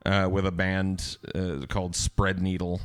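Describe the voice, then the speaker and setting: A man's voice: low voice, completely flat delivery, unhurried, clean tone. A man hosting a casual podcast chat, telling stories with a lot of profanity and acting out the people he quotes. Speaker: podcast host.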